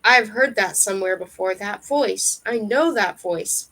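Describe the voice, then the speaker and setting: A woman reading aloud, voicing a male spirit that speaks inside a warrior's head, growling and excitable. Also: mid-range voice, a little slow. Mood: agitated.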